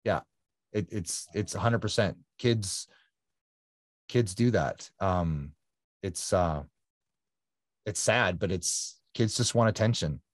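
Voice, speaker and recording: A man with a fairly low voice recounts his life as a guest, earnest and reflective. He circles back and repeats phrases to press a point. The sound is dry and close, with little room around it. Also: slow, pauses often, no echo. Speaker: guest, endurance athlete. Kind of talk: reflective conversational storytelling.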